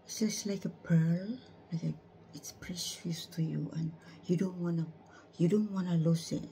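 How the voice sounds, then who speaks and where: A woman in a whispered personal monologue, halting and repeating herself, close to tears. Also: fairly low pitch, steady tone, vocal fry, dark tone, a little hiss or hum.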